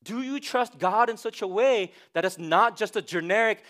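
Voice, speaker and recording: A man's voice: high-pitched, normal speed, a bit bright. A male pastor preaching a sermon, conversational and emphatic, with repeated rhetorical questions.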